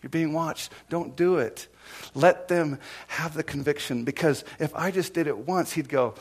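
A middle-aged man preaching a sermon as pastor, telling stories with restarts and repeated phrases, dropping to hushed near-whispers and then rising to loud, impassioned exhortation. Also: on the high side, measured pace, breathy edge. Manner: storytelling with repetitions and restarts.

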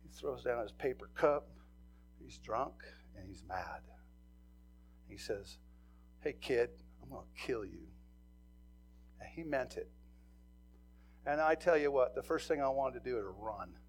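A middle-aged man preaching a sermon, telling a story and swinging between loud bursts and hushed near-whispers. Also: mid-range voice, lively intonation, unhurried, pauses often, breathy edge, soft background music. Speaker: pastor.

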